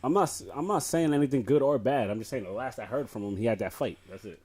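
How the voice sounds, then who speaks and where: A man's voice: medium pitch, animated, dark tone, slightly rough. A young man co-hosting a podcast, talking in casual slang and swearing freely. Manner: rapid, slangy, profane. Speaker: podcast co-host.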